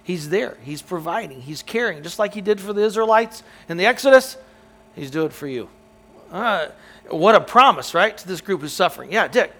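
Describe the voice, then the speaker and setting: A preacher leading a Bible study delivers an expository sermon to his congregation in a high, bright, pushed voice at a moderate, animated pace. He's earnest and emphatic, often repeating words as he restarts, and he answers questions from the room.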